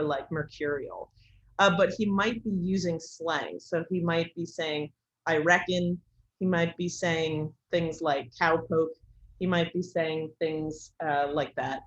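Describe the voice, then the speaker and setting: A woman teaching an online class in a casual way, with many ums and likes. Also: fairly low pitch. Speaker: instructor. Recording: dull lo-fi recording.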